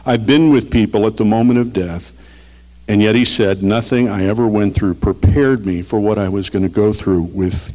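A middle-aged man preaching a sermon, earnest and storytelling, swinging between loud emphasis and quiet. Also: on the low side. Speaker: pastor. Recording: long reverb of a large hall.

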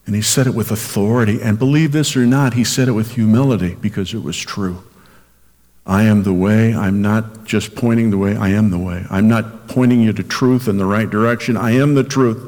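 A man's voice: on the low side, darkish tone. A man who is a senior minister, preaching a sermon and rising sharply in emphasis on key phrases. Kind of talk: recorded sermon for radio. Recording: long hall reverb.

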